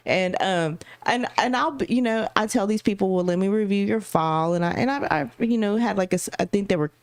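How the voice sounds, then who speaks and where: A woman's voice: mid-range voice, a little fast, no echo. A young adult woman co-hosting a casual podcast chat, telling candid stories about her work calls and laughing often. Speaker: podcast co-host.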